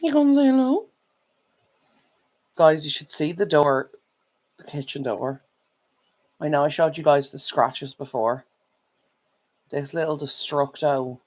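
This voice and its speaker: A woman's voice: sits low, fairly even intonation, measured pace, pauses often, a little mellow. Chatty woman on a live stream. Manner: rambling, self-correcting, chatty. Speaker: vlogger. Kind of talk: casual live-stream chat.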